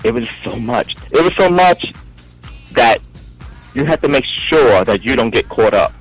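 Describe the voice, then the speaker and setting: A man telling a story in casual talk, animated, acting out the voices of the people in it. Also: medium pitch, a little slow, faint music behind, low-quality recording. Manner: animated, acts out quoted voices. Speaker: storyteller guest.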